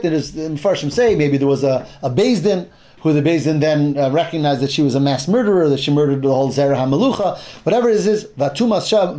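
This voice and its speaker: A man's voice: a little high, warm tone. A man teaching a Bible class, explaining verses step by step, often restarting his phrases and mixing in Hebrew terms.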